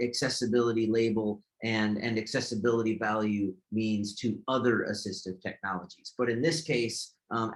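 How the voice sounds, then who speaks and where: A man's voice: mid-range voice, a bit bright. Man explaining with many fillers. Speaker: accessibility instructor. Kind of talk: screen-share tutorial.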